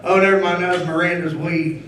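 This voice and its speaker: A middle-aged man doing a stand-up comedy set on stage, telling loud, punchy jokes with shouted bursts. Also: sits high, fairly even intonation, brisk, very noisy. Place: comedy venue stage before a live audience. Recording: echoey room from far off.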